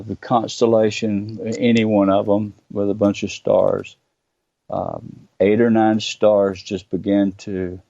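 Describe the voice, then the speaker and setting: A man with a low, gravelly voice earnestly tells his own story as a radio guest, stopping and restarting as he goes. His tone is dark and mellow. The sound is dull and lo-fi. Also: no room sound. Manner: earnest, vivid storytelling with hesitations. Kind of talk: recounting a personal experience.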